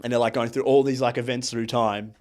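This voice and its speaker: A man co-hosting a podcast, recapping a movie in a rambling, casual way with lots of fillers, acting out characters in quick asides. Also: medium pitch, little pitch movement, darkish tone. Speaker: podcast co-host. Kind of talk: casual movie review chat.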